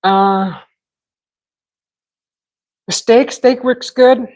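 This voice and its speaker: A woman hosting a casual cooking vlog, rambling in a relaxed way with many fillers and restarts. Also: a little high, extremely slow, poor audio. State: talking with mouth full at times. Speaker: cooking channel host.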